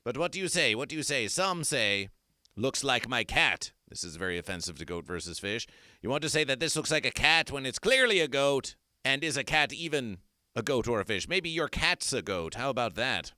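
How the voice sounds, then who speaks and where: A man's voice: mid-range voice, expressive, normal speed, bright, forceful tone, no echo, studio quality. A man hosting an absurdist comedy stream, talking in a theatrical, repetitive, chanting way. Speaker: host.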